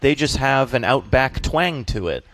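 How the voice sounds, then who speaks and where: A man's voice: medium pitch, a little slow, slight background noise. A man from the Boston area with a faint Boston accent, a comedian telling stories in a casual interview. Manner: animated, jokey storytelling. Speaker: comedian guest.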